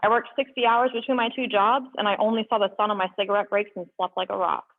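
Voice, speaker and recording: A young woman at an open mic, reading poems aloud with earnest, halting asides between them. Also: medium pitch, steady tone. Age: young adult. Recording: tinny phone-like sound.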